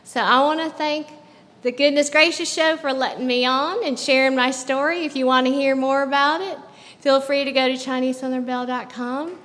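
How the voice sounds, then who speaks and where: A woman from the American South giving a personal storytelling talk on stage at a live show. She keeps it conversational, checking in with the audience with quick tag questions. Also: high voice, steady tone, fairly bright tone, big-room sound. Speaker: guest speaker. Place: live show at a club venue.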